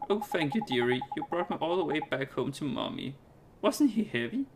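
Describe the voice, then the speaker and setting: A man voicing a sweet old lady who dotes on her cat, in a high fluttery voice. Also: big pitch swings, a little fast, music in the background. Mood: overjoyed.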